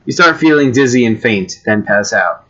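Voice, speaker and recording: A man who creates homemade games reads generated stories aloud casually, breaking off for fillers and side comments. His mid-range voice is expressive, bright and forceful, at a moderate pace, on a slightly dull, lo-fi recording.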